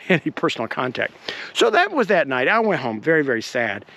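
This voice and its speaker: A man hosting his own show, telling a personal story in an animated, indignant way with many fillers, recorded on a handheld camera. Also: a little high. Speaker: podcast host.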